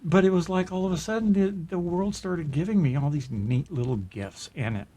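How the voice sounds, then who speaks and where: A man's voice: high voice, normal speed. A middle-aged man, co-host of a podcast, telling a personal story in a casual, earnest, reflective way, often restarting his sentences. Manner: earnest, reflective, with frequent restarts and soft laughs.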